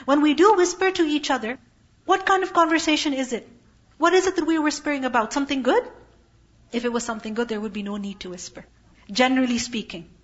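A woman's voice: sits high, fast. A woman giving a Quran commentary lesson, reciting Arabic verses and then translating them, and asking rhetorical questions that she answers herself. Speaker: Quran teacher. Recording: dull lo-fi recording.

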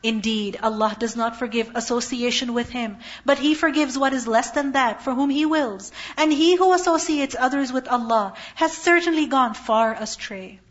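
The Quran teacher speaks at a moderate pace in a voice on the high side, barely pausing, and the recording is dull and lo-fi. Her commentary lesson moves from reciting Arabic verses to translating them, with rhetorical questions she answers on her own.

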